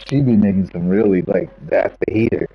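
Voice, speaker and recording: A man's voice: sits low, steady tone, fast, gravelly, breathy edge. A young man hosting a casual gaming session, joking and talking in slangy banter with a friend. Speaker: gamer host. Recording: dull lo-fi game capture.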